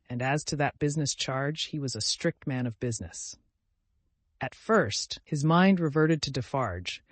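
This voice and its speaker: A man's voice: mid-range voice, no echo. Man narrating an audiobook.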